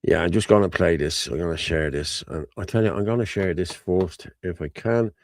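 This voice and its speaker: A man's voice: sits low, moderate pace, darkish tone. An Irish man hosting a casual livestream chat, talking in an emotional, rambling and repetitive way. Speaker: host.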